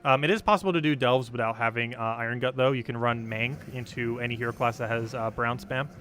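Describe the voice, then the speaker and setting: A man's voice: medium pitch, fast talker, a bit bright. A young man casually chatting on a game live stream, answering chat and rambling through strategy tips with lots of ums and likes. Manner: rambling, explains game strategy with many fillers.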